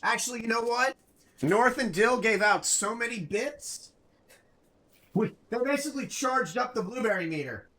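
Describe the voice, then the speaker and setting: A man's voice: very high-pitched, animated, normal speed, bright, forceful tone. A man streaming a video game, chatting casually and joking with viewers and his dogs.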